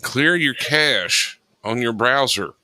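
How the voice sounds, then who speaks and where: A man's voice: mid-range voice, animated, slow pace, sharp tone, no room sound, low-quality recording. A man co-hosting a casual radio talk show, joking and riffing on bits. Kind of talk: casual comedic chat.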